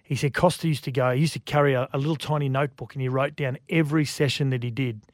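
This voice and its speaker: An Australian man co-hosting a sports radio show, telling stories in a lively way and acting out quotes. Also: mid-range voice, fast, no echo, studio quality. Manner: lively storyteller, acts out quotes. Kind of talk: casual sports radio chat. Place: radio studio. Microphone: studio microphone.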